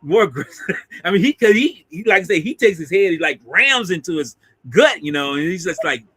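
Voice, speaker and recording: A man's voice: high-pitched, very animated, a little fast, a bit bright, slightly rough, no room sound. A man casually recapping an old monster film, laughing often and acting out the characters in mock voices. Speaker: co-host of a film discussion video. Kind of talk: casual movie recap chat.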